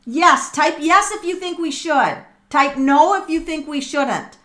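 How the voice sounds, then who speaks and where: A middle-aged woman hosting a live tarot reading, excitable and thinking aloud with frequent ums and repeated words. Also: high voice, a little slow. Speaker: tarot reader and livestream host.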